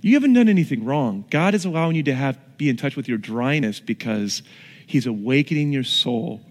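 A middle-aged man preaching a sermon, telling stories with lively, animated swings in his voice. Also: medium pitch, fairly quick, long reverb tail. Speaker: pastor.

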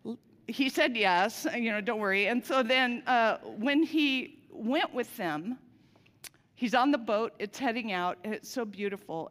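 A woman's voice: medium pitch, measured pace. Woman preaching in a reverberant church. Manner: warm storytelling, conversational asides. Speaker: pastor. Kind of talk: sermon. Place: church sanctuary. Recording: long reverb of a large church hall.

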